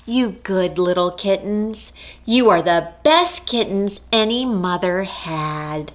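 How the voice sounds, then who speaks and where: A woman voicing a gentle, proud mother cat who gushes with exaggerated praise in a children's story. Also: mid-range voice, takes it slowly, a little hiss or hum, close to an everyday voice. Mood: delighted.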